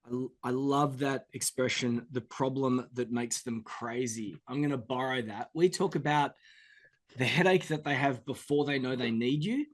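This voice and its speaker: A man's voice: medium pitch, normal speed. A man hosting a podcast interview, chatting casually and acting out examples to make his points. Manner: animated, acts out quoted examples. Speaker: podcast host.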